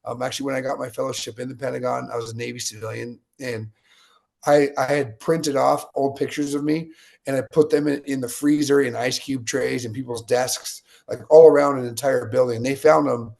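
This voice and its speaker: A man's voice: mid-range voice, brisk, creaky. A man from the United States, a guest in an interview, telling stories with energy and acting out the lines of people in them. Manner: energetic, animated storyteller acting out quotes. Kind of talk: interview storytelling.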